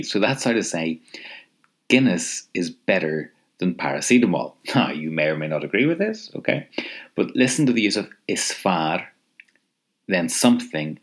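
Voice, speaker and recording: A man teaching a recorded language lesson, patiently repeating phrases and pausing for the listener to answer, with light chuckles now and then. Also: low-pitched.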